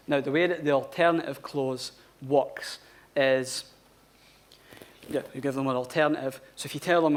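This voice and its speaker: A man's voice: fairly high pitch, slight background noise. A man giving a live conference talk in a blunt, informal manner, swearing freely. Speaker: conference speaker. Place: conference hall.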